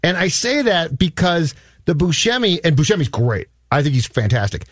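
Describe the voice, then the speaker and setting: A man's voice: fairly high pitch, big pitch swings, normal speed, no room sound, clean studio sound. A man cohosting a casual movie review chat, explaining his points in rambling runs with restarts. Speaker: podcast cohost.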